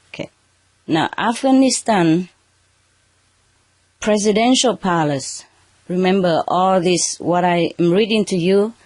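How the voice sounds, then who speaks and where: A spiritual teacher addressing a live audience under spotlights, speaking halting, non-native English and often checking in with "okay" and "huh". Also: mid-range voice, a little mellow, dry recording. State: slightly emotional at moments. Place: under bright spotlights, indoors.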